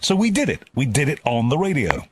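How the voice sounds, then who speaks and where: A man's voice: mid-range voice, huge pitch swings, fairly quick, husky. A man from the UK hosting an interview, chatty and given to repeating and restarting words. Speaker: interviewer and host. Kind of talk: casual interview chat.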